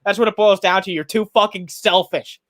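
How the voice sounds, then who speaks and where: A man's voice: high-pitched, fairly even intonation, brisk, fairly bright tone, no room sound. A man hosting a livestream, ranting heatedly with lots of swearing and repeated restarts. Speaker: streamer host. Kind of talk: angry reaction livestream commentary.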